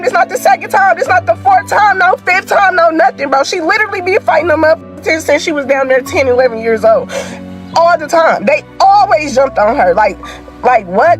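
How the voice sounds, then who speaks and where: Heated young woman, high voice, tearful. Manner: heated, repetitive, profane, emphatic. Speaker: grieving sibling. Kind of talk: angry direct-to-camera rant.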